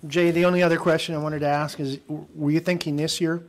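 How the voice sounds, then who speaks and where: A man's voice: fairly high pitch, little pitch movement, quick pace. A man, a council member asking probing questions at a meeting.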